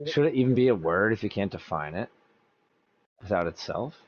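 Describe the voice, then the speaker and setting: A man's voice: lowish voice, animated, normal speed, husky, dull audio. A man in casual, joking banter with a friend while they play a video game together. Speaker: co-player. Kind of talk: casual gaming chat.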